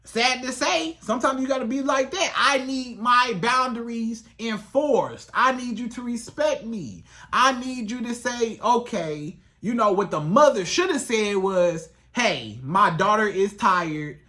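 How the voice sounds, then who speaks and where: A relationship coach speaks straight to the viewer in a casual advice vlog. The voice is bright and clear, and the delivery is animated and colloquial. The coach often slips into acting out both sides of a conversation. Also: medium pitch, measured pace, few pauses. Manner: animated, colloquial, acts out dialogues.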